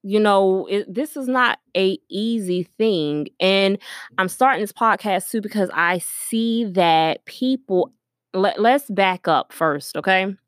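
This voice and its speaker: Recording at her workplace store, a young podcast host works through her thoughts alone, sincere and reflective, her speech peppered with ums and you-knows. She speaks slowly in a mid-range voice. The sound is studio quality and free of echo.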